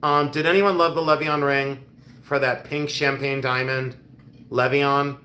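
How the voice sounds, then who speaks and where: A man's voice: medium pitch, level tone, a little slow, pushed and bright, echoey room. A man hosting a live-stream jewelry sale, chatting casually and joking and teasing.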